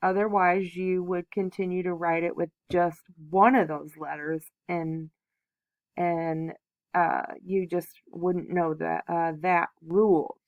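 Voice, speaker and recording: Woman teacher, slow and patient, sounding out words for kids, dry close sound. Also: lowish voice, flat delivery, dry recording, phone-quality sound. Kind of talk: phonics lesson for young children.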